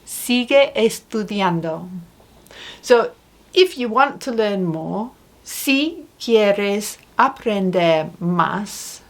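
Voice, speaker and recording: A woman's voice: mid-range voice, lively intonation, very slow. A woman teaching a language lesson, patiently asking questions and modeling phrases for the learner. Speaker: Spanish teacher. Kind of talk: slow spoken language lesson.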